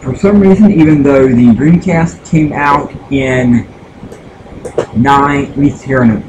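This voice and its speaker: Slow and halting, an American gaming streamer drifts between thoughts on a home live stream, full of fillers, pauses and restarts. His pitch stays in a plain middle range, while a steady hum of fans and room noise is clearly audible beneath him.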